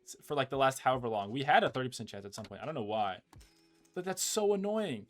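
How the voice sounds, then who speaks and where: Brief: young American man, mid-pitched, excitable gameplay commentary, game music clearly audible underneath. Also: fast. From United States. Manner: excitable, exasperated, says "bro" a lot. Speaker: gaming video creator.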